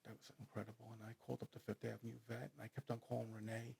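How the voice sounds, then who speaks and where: A man with a New York accent, a guest author telling his story in a studio interview, animated and rambling. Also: medium pitch, racing. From New York City. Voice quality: gravelly, husky. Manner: animated, rambling storyteller who speeds up and gets loud when excited.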